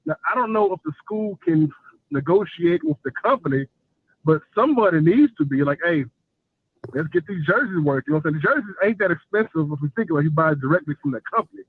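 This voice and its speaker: A man's voice: on the high side, sing-song, fast, slightly rough, no room sound. A male caller chatting loosely and jokingly on a call-in show, full of filler phrases. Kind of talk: casual call-in chat. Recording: tinny dry phone line.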